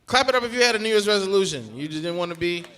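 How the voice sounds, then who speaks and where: Bright, high-voiced comic. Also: male voice, expressive, racing. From Georgia, USA. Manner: loose, profane banter with the audience. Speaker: stand-up comedian. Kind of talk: live stand-up crowd work. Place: long comedy club room.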